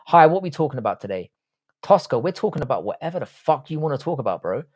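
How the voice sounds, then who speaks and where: Talking fast in a sing-song, medium-pitched voice with a darkish tone, this man answers viewer questions on a casual livestream. Of Irish descent and raised in southwest London, he reads the chat aloud and replies bluntly, with heavy swearing.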